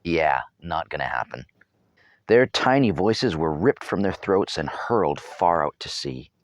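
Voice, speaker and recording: A man's voice: low voice, lively intonation, a little slow, dry recording. A man reading his own novel aloud as storybook narration, with wry, humorous asides.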